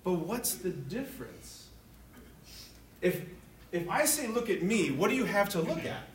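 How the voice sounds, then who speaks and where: A priest giving a lively, joking talk to teenagers in a room, often stopping to ask the audience questions. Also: male voice, high voice, unhurried, slight background noise. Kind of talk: interactive talk to teens. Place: room with a live youth audience.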